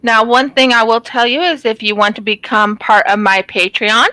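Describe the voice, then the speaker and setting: Brief: chatty woman craft vlogger, rambling and casual, bright tone, dry close sound. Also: a little high, steady tone, moderate pace, hardly any pauses, dry recording, poor audio. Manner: rambling, chatty, many ums and restarts. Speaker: craft channel host. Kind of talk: casual chat while diamond painting.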